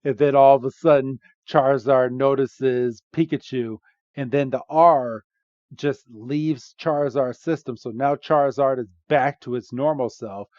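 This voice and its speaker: A man hosting a podcast, retelling a movie scene by scene in a casual, animated way with frequent fillers. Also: mid-range voice, no echo, muffled recording. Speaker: podcast host. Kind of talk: casual movie recap chat.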